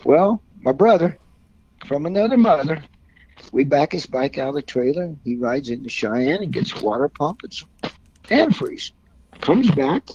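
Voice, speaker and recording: A man's voice: a little high, big pitch swings, normal speed, darkish tone, husky. Rambling older man telling car-club stories. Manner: rambling, folksy, with mild swearing. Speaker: car club member, guest. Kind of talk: casual anecdotal storytelling. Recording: dull lo-fi recording.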